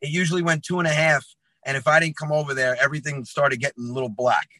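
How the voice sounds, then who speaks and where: Male comic, 30s, bright and a bit high, animated storyteller, dry close sound. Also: fast talker, dry recording, rough recording. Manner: lively, acts out dialogue, says "man" often. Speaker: comedian guest.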